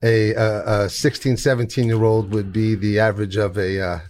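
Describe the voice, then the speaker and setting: A man's voice: fairly low pitch, flat delivery, moderate pace, a little mellow. A man, a chef guest telling stories in a casual, rambling interview, laughing often and restarting sentences. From New York.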